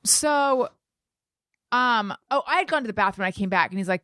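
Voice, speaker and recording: A woman co-hosting a casual podcast, telling a story with animated, acted-out quotes. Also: fairly high pitch, normal speed, no echo, studio quality. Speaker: podcast co-host. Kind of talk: casual chat.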